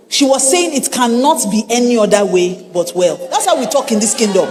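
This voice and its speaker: A Nigerian woman pastor delivers a lively sermon with a pitch that leaps and dips. She mixes humor into her preaching and hammers points home by repetition. Her voice carries in a reverberant church hall. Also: brisk, hardly any pauses, a little hiss or hum. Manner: animated, humorous, repeats lines for emphasis.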